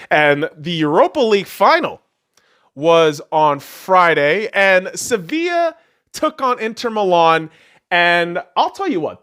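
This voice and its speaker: A young man hosting a podcast, giving a profane, excitable sports rant that swings from low mutters to loud outbursts. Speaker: podcast host.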